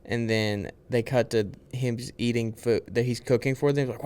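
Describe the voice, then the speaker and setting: Smooth-voiced man rambling through a plot recap. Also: mid-range voice, fairly even intonation, moderate pace, darkish tone. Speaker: podcast co-host. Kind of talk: casual movie podcast chat.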